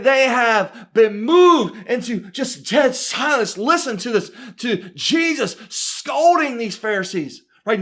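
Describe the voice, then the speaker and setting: Man, high voice, Bible teacher, animated, dramatic scripture reading, keeps saying right. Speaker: pastor teaching a Bible study. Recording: church broadcast.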